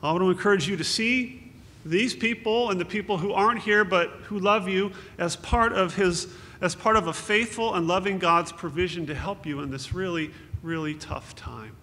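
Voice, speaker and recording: A man's voice: high-pitched, normal speed, sharp tone. A man giving an earnest, consoling memorial sermon as pastor, quoting scripture. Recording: echoey hall with faint hum.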